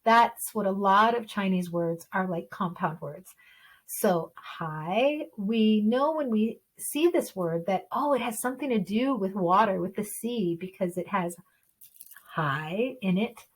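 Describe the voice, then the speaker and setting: A woman's voice: medium pitch, moderate pace, hardly any pauses, poor audio. A woman teaching an online Chinese lesson, explaining patiently and modeling the pronunciation aloud.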